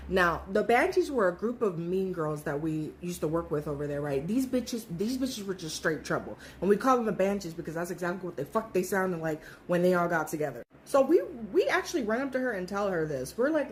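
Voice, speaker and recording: Animated woman in her thirties telling a story. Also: mid-range voice, a little fast, slight background noise. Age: 30s. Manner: animated, acts out quoted voices, swears freely. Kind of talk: casual storytelling.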